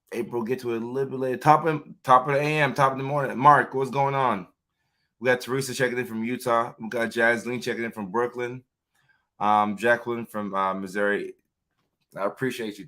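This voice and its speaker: Upbeat man hosting a live stream. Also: on the low side. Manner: upbeat, warm greetings, frequent fillers. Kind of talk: casual live stream greeting viewers. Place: home in Los Angeles.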